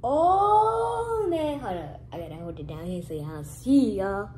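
A young woman chatting casually to camera in a vlog, lively and sometimes dropping to hushed whispers. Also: medium pitch, unhurried, a little hiss or hum, rough recording. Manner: lively, switches to hushed whispers when nervous. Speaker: vlogger.

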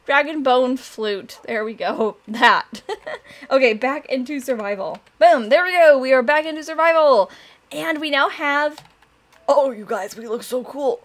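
A young woman hosting a casual game let's-play, bubbly and excitable, often gasping and squealing with delight. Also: high-pitched, measured pace. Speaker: gaming channel host.

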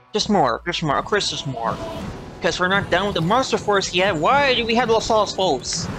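A man giving casual gameplay commentary in a let's play, animated and playfully complaining. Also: high-pitched.

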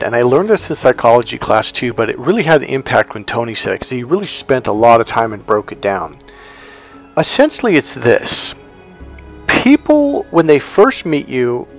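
A middle-aged man spins a personal story with a lively, swooping voice, casual and a little profane. He drops into bits of dialogue as he goes, and soft music plays faintly underneath. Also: medium pitch, normal speed. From California. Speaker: life coach.

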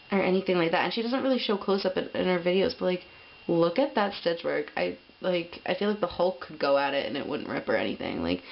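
A young woman in a casual vlog, opening a gift package and gushing with excitement, full of fillers and little laughs. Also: on the low side, gravelly, dull audio, a little hiss or hum. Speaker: pet vlogger.

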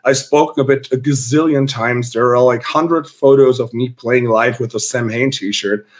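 Male guest, mid pitch, casual rambling storyteller. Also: fairly even intonation, moderate pace. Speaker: guest musician. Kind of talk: casual podcast chat.

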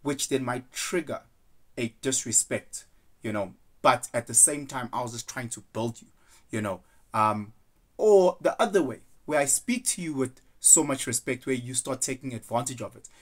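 A man's voice: mid-range voice, animated, moderate pace. A young man talking through his thoughts in a casual, rambling monologue, earnest and loose, slipping into quoted voices now and then. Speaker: vlogger.

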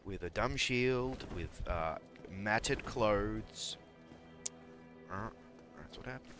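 A man's voice: fairly low pitch, drawn-out words, over music. A young man streaming live, muttering and scolding himself as he talks to chat over gameplay.

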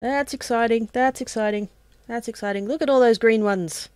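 A woman's voice: a little high, moderate pace, smooth, dry recording. A woman giving casual commentary on her own gameplay, talking to herself as she plays. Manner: chatty, talks to herself, bursts into excited shouting. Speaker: let's play gamer.

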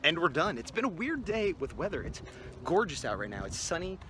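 A man's voice: fairly high pitch, big pitch swings, a little fast, noisy background. A man chatting casually and offhandedly while vlogging on the scene at an outdoor convention. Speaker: artist and convention vendor. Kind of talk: on-the-scene vlog.

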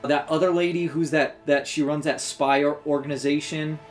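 Male co-host, high voice, eager and chatty, soft music bed underneath. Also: fairly even intonation, moderate pace. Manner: enthusiastic, full of "like" fillers. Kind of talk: casual fan chat.

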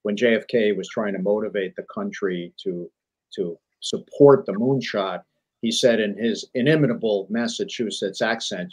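Man, middle-aged, husky voice, emphatic storyteller, interview guest. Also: lowish voice, moderate pace, poor audio. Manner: animated storyteller, emphatic repetition. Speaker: guest, journalist and author. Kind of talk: conversational interview.

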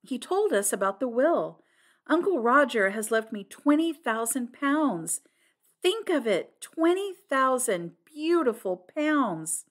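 A woman voicing an impulsive, emotional young woman who speaks in high, eager outbursts in a storybook reading. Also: sing-song, unhurried. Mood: excited.

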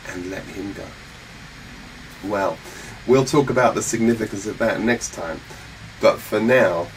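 A man preaching a sermon in an animated, exclaiming way, urging his listeners to watch. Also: on the low side, distant mic, rough recording. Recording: faint air-conditioning hum, mic set back.

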